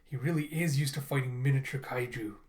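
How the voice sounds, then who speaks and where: A man's voice: mid-range voice, fairly quick, a little mellow, natural voice. A man voicing a determined young adult male hero, reading the lines in a plain voice.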